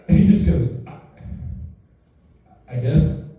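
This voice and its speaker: A man's voice: on the high side, fairly quick, long pauses. A young man doing stand-up comedy, telling a profane story and acting out the voices in it, recorded live. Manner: profane, animated, acts out quoted voices. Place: live comedy show in a house. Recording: echoey room, mic far off.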